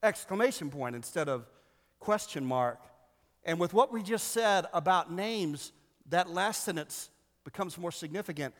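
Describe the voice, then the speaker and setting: Male pastor, sermon, animated, joking asides, slightly high voice, long hall reverb. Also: a little slow.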